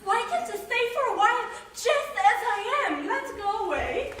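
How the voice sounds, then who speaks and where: A woman acting the part of a frightened young bride on stage, talking in quick, impulsive bursts. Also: extremely high pitch, very animated, fairly bright tone, far from the mic, slight background noise, heavily acted. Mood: distraught. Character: young bride, frightened, clinging to her father. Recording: echoey stage audio from afar.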